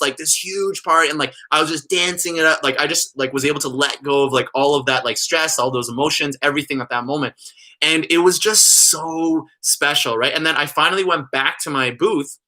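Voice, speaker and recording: Bright-voiced man telling a rambling story. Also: on the high side. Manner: rambling, heavy use of "like". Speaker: vlogger. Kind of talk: casual storytelling livestream.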